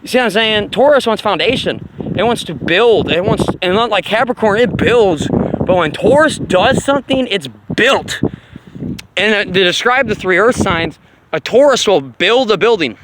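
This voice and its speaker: A man rambling casually and profanely, laughing often, in an animated monologue. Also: high voice, moderate pace, noisy background. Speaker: vlogger on astrology.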